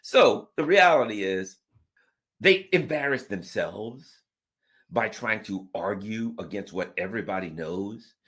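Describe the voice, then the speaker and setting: A low-voiced man ranting about politics with a lively, swinging delivery. He mocks people in sarcastic voices that leap far up in pitch, then drops back to his own low register. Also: measured pace. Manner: mocking, does sarcastic put-on voices, jumps far up in pitch. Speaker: political commentator. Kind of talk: animated political rant.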